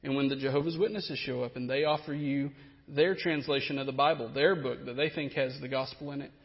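A man's voice: medium pitch, steady tone, brisk. A man preaching a sermon as a pastor, explaining scripture earnestly with frequent fillers and restarts. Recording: reverberant hall, slightly dull sound.

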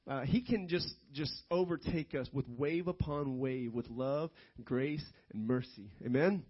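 High-pitched husky-voiced male preacher. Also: normal speed, muffled recording. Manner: animated preaching, rising to loud emphatic stretches. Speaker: pastor. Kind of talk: sermon.

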